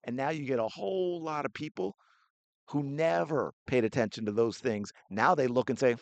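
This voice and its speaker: A man's voice: medium pitch, normal speed, gravelly, no room sound, dull audio. Heated man ranting on a sports podcast. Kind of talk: opinionated solo commentary.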